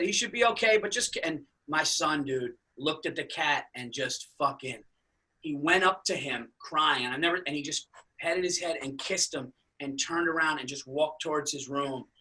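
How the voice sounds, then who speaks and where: A man in casual podcast chat, telling a family story in a profane, excitable way. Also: a little high.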